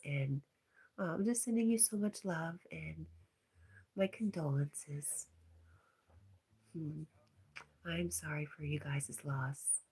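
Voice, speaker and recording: Livestream host, woman, deep breathy voice, relaxed chat with viewers. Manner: reads viewer comments aloud, often softly whispered.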